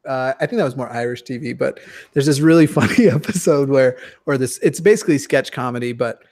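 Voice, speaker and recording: A man chatting casually on a video call, joking and self-deprecating, with halting restarts. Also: mid-range voice, darkish tone.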